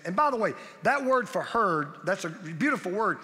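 A middle-aged man preaching, his voice bright and pitched high as he hammers each point with emphatic repetition. The sound carries a long reverb like a big hall. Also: very animated, normal speed, hardly any pauses. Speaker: pastor. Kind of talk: sermon.

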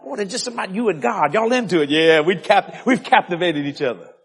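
A male preacher delivering a lively sermon, shouting and laughing, stretching out key words. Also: high-pitched, husky. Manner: animated, shouting, laughing, drawn-out emphasis.

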